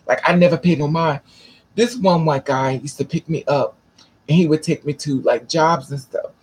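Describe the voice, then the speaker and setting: A man's voice: fairly high pitch, moderate pace, darkish tone, husky. A man vlogging, telling a personal story casually, rambling with restarts and swearing.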